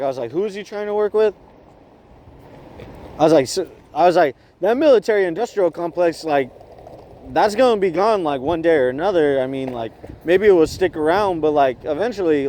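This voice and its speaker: A man's voice: fairly high pitch, lively intonation, fairly quick, dark tone, a little hiss or hum. A man vlogging in a rambling, profane rant, stumbling over his words and repeating himself. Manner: repetitive, stumbling, swears heavily, ranting.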